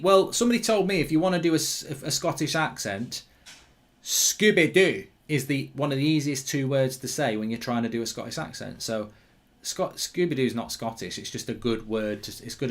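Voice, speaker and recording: A man hosting a live football watchalong, chatting casually, reading out viewer comments, with frequent ums and restarts. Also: mid-range voice.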